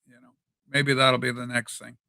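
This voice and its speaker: A man hosting a casual livestream chat from a desk mic, rambling and animated. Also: mid-range voice, normal speed, gravelly, no echo. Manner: rambling and animated, with many fillers. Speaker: livestream show host. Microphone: desk microphone.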